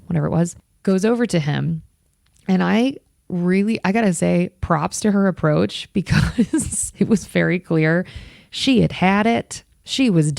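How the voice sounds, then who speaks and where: A woman with a low, heavily gravelly and dark voice tells a story in casual podcast fashion. She sounds exasperated and sarcastic as she acts out what others said. The recording is close and dry. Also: dry recording. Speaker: podcast host.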